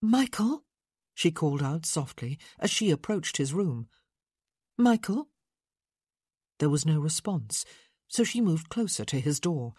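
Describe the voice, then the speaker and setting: A woman narrating a historical romance audiobook in an expressive, measured storytelling manner. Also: low-pitched, husky, dry recording, clean studio sound.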